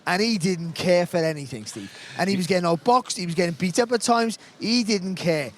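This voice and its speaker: A man's voice: high voice, animated, a little fast. A man co-hosting a boxing podcast as pundit, talking in a casual, conversational way. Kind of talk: casual chat.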